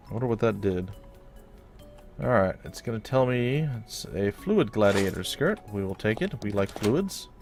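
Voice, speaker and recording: A man hosting a gameplay video, chatting and joking with his viewers as he plays. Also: lowish voice. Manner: chatty and jokey, addressing viewers as guys and folks. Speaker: let's play host. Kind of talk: casual gameplay commentary.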